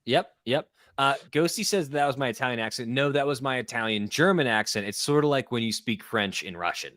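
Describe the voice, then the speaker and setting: A man's voice: mid-range voice, brisk, a bit bright, no room sound, studio quality. A man co-hosting a live tennis watchalong, chatting opinionatedly about the match with bursts of laughter. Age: young adult or middle-aged parent of an infant. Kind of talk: casual live sports commentary.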